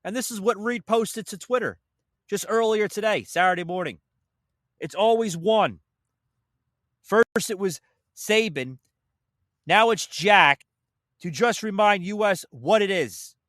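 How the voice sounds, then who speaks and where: A man's voice: high voice, a little slow, long pauses, fairly bright tone, no room sound, studio quality. A man hosting an opinion podcast, ranting in a heated, sarcastic way and swearing as he talks to his listeners. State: a little winded. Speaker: podcast host.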